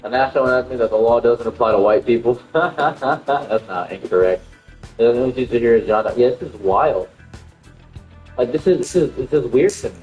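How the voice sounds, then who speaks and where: A man's voice: mid-range voice, moderate pace, a little mellow, dull audio. Indignant ranting man, echoey room. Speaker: game streamer. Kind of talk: livestream reaction rant. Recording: echoey room with faint music.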